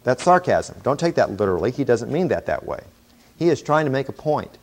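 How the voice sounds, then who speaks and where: A middle-aged man preaching a sermon in a voice of ordinary pitch for a man. He jokes and throws in sarcastic asides as he explains the text, and keeps his delivery lively. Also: brisk.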